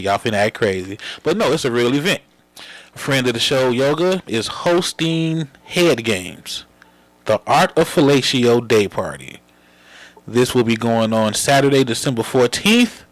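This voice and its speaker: A man's voice: mid-range voice, dry recording. A man hosting a podcast, talking casually and joking with his co-hosts. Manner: laid-back, joking, quick to laugh. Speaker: podcast host. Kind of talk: casual chat.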